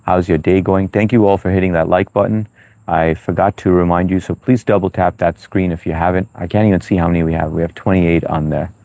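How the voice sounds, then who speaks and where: A man's voice: low voice, steady tone, fairly quick, mellow, no room sound. A man hosting a livestream in a loose, chatty way, reading viewer comments aloud with lots of "uh" and "you know". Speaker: livestream host.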